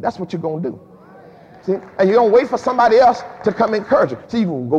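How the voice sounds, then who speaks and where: A man a sermon as pastor, lively and emphatic, with frequent repeated words and casual dialect. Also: fairly high pitch, fast talker, breathy edge. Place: church sanctuary. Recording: dull lo-fi recording with long hall reverb.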